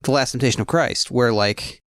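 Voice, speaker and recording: Man, mid-pitched voice, rambling podcast co-host, dry close sound. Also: fairly bright tone, smooth, dry recording. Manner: rambling, halting, many restarts and asides. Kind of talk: casual film discussion.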